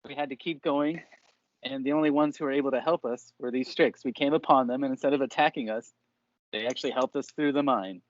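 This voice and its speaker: A man's voice: mid-range voice, fairly even intonation, a little fast, no echo, highs cut off, close to an everyday voice. A man voicing a nervous dwarf miner. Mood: pleading. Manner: nervous, repeats himself, pleading. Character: wary male dwarf mine leader, former slave.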